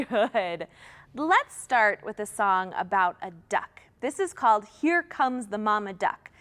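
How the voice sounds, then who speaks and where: A woman with a high voice leads a toddler storytime, singing and chatting in a sing-song, encouraging way. She takes her time, unhurried and patient. A long reverb hangs around her voice, with soft music faintly behind. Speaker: children's librarian. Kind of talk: storytime songs and talk for toddlers. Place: library storytime livestream.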